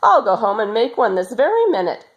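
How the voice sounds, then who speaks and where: Lady reading as a cheery fearless little girl, high and bouncy, storybook voice. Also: sing-song, fairly quick, lo-fi sound. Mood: cheerful. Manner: bright, exclaiming, playful.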